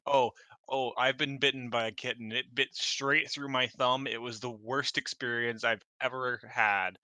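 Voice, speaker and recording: Bright-voiced man, animated storyteller. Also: medium pitch, moderate pace, no room sound. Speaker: player. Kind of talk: casual tabletop game chat.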